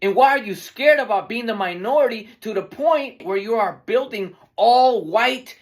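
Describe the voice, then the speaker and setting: A man's voice: very high-pitched, animated, normal speed. A man hosting his own podcast, delivering an argumentative commentary monologue full of rhetorical questions. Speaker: podcast host.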